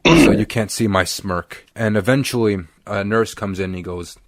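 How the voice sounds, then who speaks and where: A young podcast co-host with a lowish, creaky voice talks briskly with few pauses, in a clean, dry studio recording. Chatting casually, he tells an animated story and acts out the voices of the people in it.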